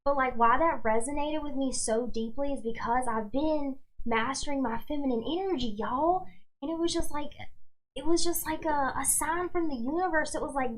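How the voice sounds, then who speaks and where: A woman's voice: high voice, moderate pace, rough recording. A young woman hosting a casual livestream who tells stories in a chatty way, full of "like" and "y'all". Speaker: host and tarot reader.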